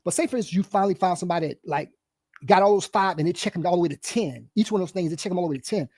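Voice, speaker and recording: A man co-hosting a podcast in casual chat, rambling and animated, full of fillers and repeated "bro,". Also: high voice, rapid-fire, dry recording, clean studio sound. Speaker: podcast co-host.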